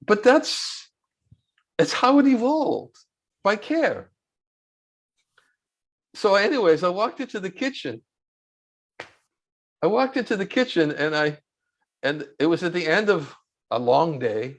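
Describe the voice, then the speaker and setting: A man with a fairly high voice tells a story for an interview, easing along with pauses and filler sounds. He speaks as a monk recalling old times, plain and unhurried. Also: big pitch swings. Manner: unhurried, halting with fillers, chuckles while recalling.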